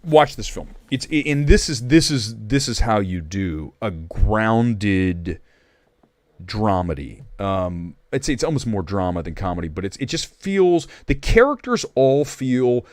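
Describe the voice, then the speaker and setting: A man's voice: lowish voice, very animated, measured pace, darkish tone, no room sound, studio quality. A man hosting a casual livestream movie chat, opinionated and rambling, with restarts and asides. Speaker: movie talk show host.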